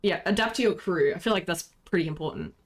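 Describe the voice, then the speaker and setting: A woman's voice: fairly low pitch, fast. A woman streaming a narrative game, reading its dialogue aloud and commenting casually with frequent laughs. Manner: casual, laughs often, reads lines in character.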